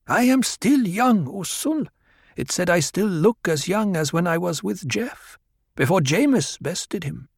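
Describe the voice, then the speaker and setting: A man's voice: expressive, a little slow, gravelly, husky, no echo, full character voice. A man voicing an anxious, proud young desert woman in a raised, insistent voice, in a dry recording. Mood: pleading. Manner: pleading, insistent, high put-on voice.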